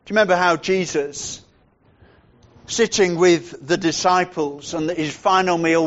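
A man preaching a sermon in a measured way, dropping to a hushed voice to stress points. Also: on the high side, dull audio.

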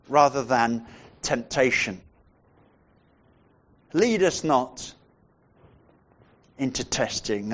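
A man preaching a sermon in a measured way, dropping to a hushed voice to stress points. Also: mid-range voice, lo-fi sound.

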